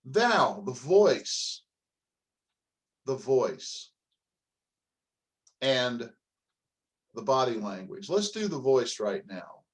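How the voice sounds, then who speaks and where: A man's voice: medium pitch, sing-song, drawn-out words, long pauses. A middle-aged man giving a motivational coaching talk on leadership, emphatic and direct, firing off rhetorical questions and calling his listeners folks.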